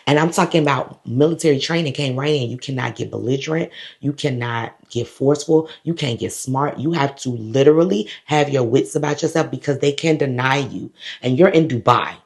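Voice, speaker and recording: Gravelly-voiced woman telling her travel story. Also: very deep voice, brisk, few pauses. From United States. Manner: animated, dramatic retelling with quoted voices and laughs. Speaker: vlogger. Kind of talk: casual storytelling to camera.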